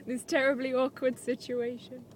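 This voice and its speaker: A woman's voice: high voice, little pitch movement, moderate pace. A young woman from France chatting casually and laughing often, telling stories on a vlog outdoors. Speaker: vlog co-host. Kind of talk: casual chat. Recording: loud noisy outdoor ambience.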